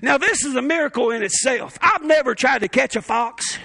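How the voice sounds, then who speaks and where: A male preacher delivering a fervent revival sermon in a church, breaking into shouts and then chuckling through folksy asides. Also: extremely high pitch, expressive, fairly quick, creaky, no room sound. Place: church sanctuary.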